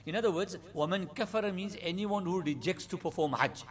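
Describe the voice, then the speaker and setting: A man's voice: sits high, racing, hardly any pauses. A man preaching a sermon in an earnest, emphatic way, reciting Arabic and quoting Urdu phrases. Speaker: Islamic preacher.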